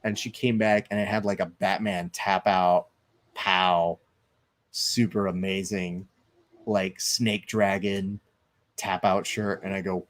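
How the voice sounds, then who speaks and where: Low-voiced man chatting casually on stream. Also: flat delivery, slow. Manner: loose, chatty, swearing, reads chat aloud. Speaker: live stream host. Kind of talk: casual live-stream chat and fight commentary.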